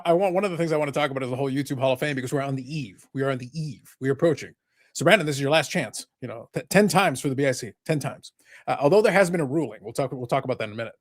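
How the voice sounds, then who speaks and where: A man's voice: a little high, fairly bright tone. Rambling sarcastic man hosting a podcast. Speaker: podcast host. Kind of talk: casual live podcast chat.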